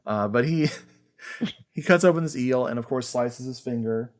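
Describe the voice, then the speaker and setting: A man hosting a podcast, chatting casually about an old film, animated and full of fillers and laughter. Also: mid-range voice, moderate pace. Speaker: podcast host. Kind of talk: casual film review chat.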